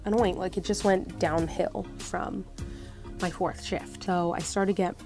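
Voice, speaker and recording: A woman's voice: on the low side, steady tone, a little slow. Young woman, casual storytime vlog, frank and chatty, swears freely, faint music underneath. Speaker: vlogger.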